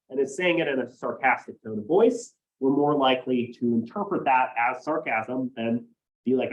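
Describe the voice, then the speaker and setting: A man's voice: mid-range voice, normal speed, lo-fi sound. A man teaching a college class, explaining ideas step by step and often checking in with "right?". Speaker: college instructor. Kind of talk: classroom lecture.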